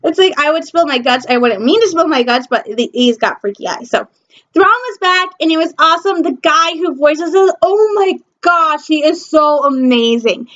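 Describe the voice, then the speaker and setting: A woman from Michigan hosting a pop culture news vlog, gushing excitedly about shows with lots of ums. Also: sits high, normal speed, dull audio. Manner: gushing, excitable fan talk with many ums. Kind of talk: casual chat.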